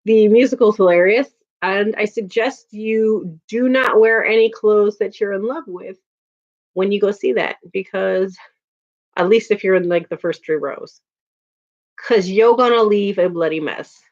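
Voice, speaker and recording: A woman in her thirties chats casually on a livestream, greeting viewers and laughing often. Her voice sits at a middling pitch. The audio sounds dull and lo-fi, like a home stream setup. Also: normal speed. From Chicago area, USA. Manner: chatty, laughs often, talks to chat viewers. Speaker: livestream host.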